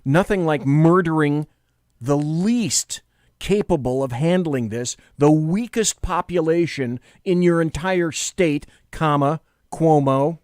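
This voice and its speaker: A man's voice: fairly high pitch, slow, no room sound, studio quality. A man hosting a talk radio show, giving sarcastic, opinionated commentary between audio clips. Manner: sarcastic, lively, mocking.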